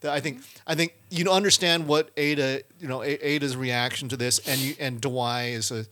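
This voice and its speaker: A man co-hosting a casual podcast chat, talking in a halting way with many restarts. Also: mid-range voice, steady tone, fairly bright tone. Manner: halting, many restarts, laughs between words. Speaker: podcast co-host.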